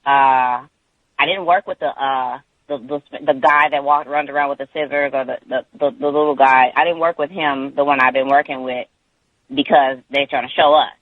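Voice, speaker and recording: A man calling in to a radio show, telling a long personal story in a rambling way with many pauses and restarts. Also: mid-range voice, fairly even intonation, no room sound. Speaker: caller. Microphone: phone. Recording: tinny phone line.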